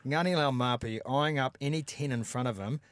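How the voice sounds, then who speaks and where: A man's voice: mid-range voice, normal speed, no room sound. Opinionated New Zealand man talking rugby. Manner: animated, opinionated analysis. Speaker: podcast co-host. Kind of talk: casual rugby chat.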